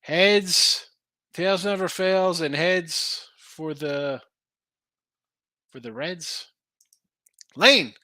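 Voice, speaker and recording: Casual male betting-show host, bright forceful voice, dry close mic, rambling and animated. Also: fairly high pitch, dry recording. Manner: animated, rambling, thinks aloud over betting lines. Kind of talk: casual live-stream chat reading viewer picks.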